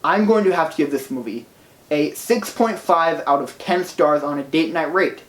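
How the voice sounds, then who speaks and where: A movie reviewer talking in a casual video review, gushing and excitable, who swears for emphasis. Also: mid-range voice, moderate pace. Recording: roomy echo.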